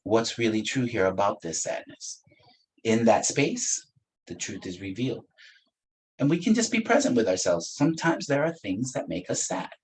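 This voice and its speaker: A man teaching a spiritual practice in a gentle, unhurried way, with playful asides and frequent soft laughs. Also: medium pitch, sing-song, poor audio. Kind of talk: reflective spiritual talk.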